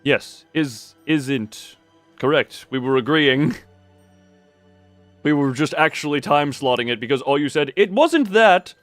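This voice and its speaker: A man's voice: medium pitch, unhurried, no room sound, soft background music. A man streaming a game live, joking with chat and reading the subtitles aloud. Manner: jokey and animated, trying out voices.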